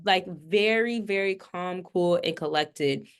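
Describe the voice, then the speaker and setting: A woman's voice: fairly low pitch, takes it slowly, clean tone. Chatty, affirming woman podcast host. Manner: warm, affirming, chatty, animated questions. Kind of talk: casual podcast interview.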